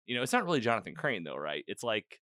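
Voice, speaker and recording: Male host, casual recap chat; bright, crisp tone, dry studio sound. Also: lowish voice, quick pace, no room sound. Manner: rambling, animated retelling with quoted lines. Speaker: podcast host.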